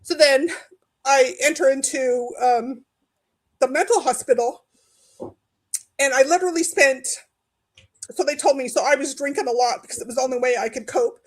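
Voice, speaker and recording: A woman's voice: normal speed, long pauses. A woman telling an emotional personal story, rambling and restarting, her voice climbing and breaking into tears as she recalls pleading for help. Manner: tearful, voice rising high when quoting her own pleas. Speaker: guest sharing personal story.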